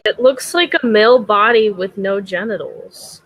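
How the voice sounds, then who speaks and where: Guy on a stream, high voice, kinda awkward and hesitant. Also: normal speed, fairly bright tone, dry recording, low-quality recording. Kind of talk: casual live-stream chat.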